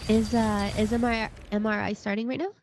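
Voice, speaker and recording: A woman's voice: medium pitch, little pitch movement, a little fast, over music. A congested woman on a live stream, friendly, reading and thanking chat. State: congested, breathing through mouth. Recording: dull lo-fi mic with faint noise.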